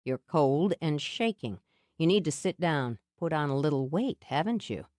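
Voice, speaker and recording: A woman voicing a teasing, protective grown man who speaks in a wry, coaxing, steady way. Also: deep voice, moderate pace, dry recording, studio quality.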